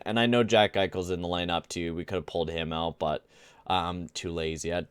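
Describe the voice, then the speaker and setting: A man's voice: low voice, fairly even intonation, brisk, smooth, no echo, clean studio sound. A young man giving casual gameplay commentary, rambling and exasperated, full of slang like "dude" and "bruh". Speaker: gaming channel host.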